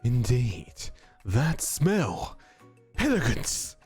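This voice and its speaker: A man's voice: mid-range voice, very animated, very slow, a little mellow, husky, soft background music, exaggerated voice. A man voicing a proud, courtly older male chef who speaks in a grand, formal announcing manner. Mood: stately.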